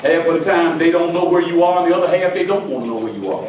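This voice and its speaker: A man preaches a sermon in a high voice. He drops to quiet asides, then rises to shouted calls to the congregation. He sounds distant, in a very echoey church with the crowd audible behind him. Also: animated, quick pace. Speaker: pastor. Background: congregation responding and laughing.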